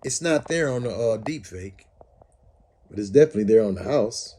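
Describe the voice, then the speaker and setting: A man's voice: lowish voice, animated, normal speed, dark tone. A man heatedly recounting a police encounter while standing outdoors in front of his house, swearing often and pointing things out as he talks. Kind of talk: agitated first-person account.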